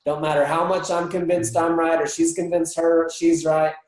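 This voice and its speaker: A man's voice: fairly high pitch, little pitch movement, moderate pace, darkish tone. A man speaking as a guest in a candid personal conversation, earnest and reflective, often restarting his sentences. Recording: echoey room.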